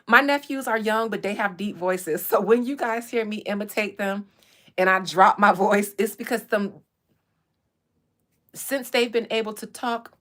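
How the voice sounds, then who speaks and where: A woman hosting a casual livestream, telling stories in a candid, animated way with blunt language. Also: mid-range voice, moderate pace. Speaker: real estate agent and livestream host.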